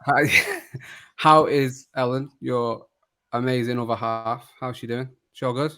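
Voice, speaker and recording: A man's voice: mid-range voice, little pitch movement, sharp tone. Chatty podcast host man. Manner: chatty, jokey, quick to laugh. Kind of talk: casual chat.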